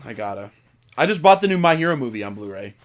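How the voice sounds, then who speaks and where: A young man co-hosting a casual podcast chat, excitable and given to loud outbursts when retelling his reactions. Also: mid-range voice, quick pace. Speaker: podcast co-host.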